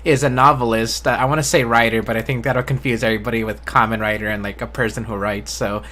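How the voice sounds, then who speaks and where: A man in casual live-stream talk, his voice bright and forward. He speaks in a flat, low-enthusiasm way, restarting his sentences with repeated words. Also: quick pace. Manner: self-described monotone, low enthusiasm. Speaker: host.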